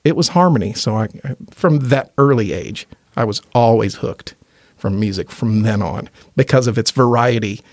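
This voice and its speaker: A man's voice: lowish voice, moderate pace, a little mellow, no room sound, studio quality. A man from Indiana, a gospel quartet tenor, telling earnest, chatty stories as a podcast guest and laughing easily. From Indiana, USA. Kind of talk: casual interview storytelling.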